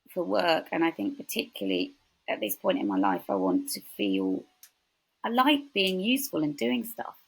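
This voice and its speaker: A woman in her forties, a podcast guest chatting casually, telling lively stories. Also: medium pitch, vocal fry, slightly rough, low-quality recording. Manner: chatty, animated storytelling with quoted voices. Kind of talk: casual chat.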